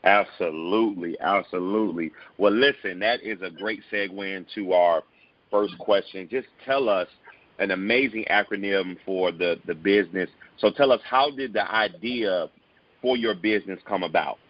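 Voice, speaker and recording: A man's voice: deep voice, moderate pace, dry recording, dull audio. A man hosting an interview show, welcoming and upbeat, sometimes stumbling and repeating his words. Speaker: host.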